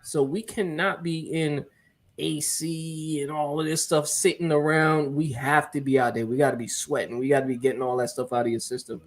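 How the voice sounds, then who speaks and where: Casting: slightly high male co-host, earnest and lecturing, casual podcast talk. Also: little pitch movement, normal speed. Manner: earnest, lecturing, often asks "you get what I'm saying?". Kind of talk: casual barbershop chat.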